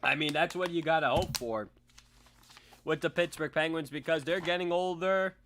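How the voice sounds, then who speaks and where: A man hosting a casual sports talk show, giving opinionated takes that swing into loud ranting. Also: fairly high pitch, moderate pace, a little hiss or hum. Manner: opinionated, ranting, often shouting.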